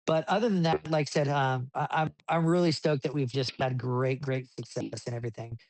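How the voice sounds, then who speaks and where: A man telling racing stories in a casual interview, rambling with many restarts and getting animated as he recounts events. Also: medium pitch, brisk, no room sound. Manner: rambling with frequent restarts, animated when retelling. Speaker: desert racing driver, podcast guest.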